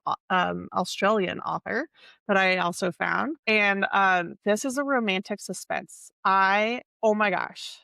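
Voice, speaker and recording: Gravelly woman chatting about books. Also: medium pitch, pushed and bright, dry recording. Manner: chatty, searches for words, many fillers. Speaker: podcast co-host. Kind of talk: casual book chat.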